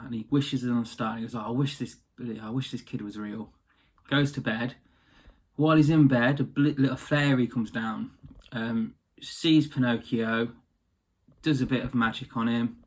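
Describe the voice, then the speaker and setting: A man's voice: mid-range voice, fairly even intonation, moderate pace. A man casually retelling a fairy tale, chatty and slangy. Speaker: storyteller.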